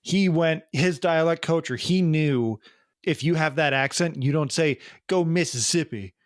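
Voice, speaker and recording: A man co-hosting a podcast in casual chat, talking in an animated, rambling way with plenty of fillers. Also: a little high, measured pace, no echo, clean studio sound. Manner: animated, chatty, frequent fillers. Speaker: podcast co-host.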